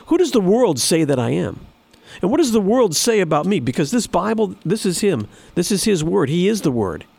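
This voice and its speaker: A man's voice: high-pitched, creaky, darkish tone, dry recording. A man preaching a sermon in an earnest, emphatic way, repeating phrases for stress. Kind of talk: sermon with scripture reading.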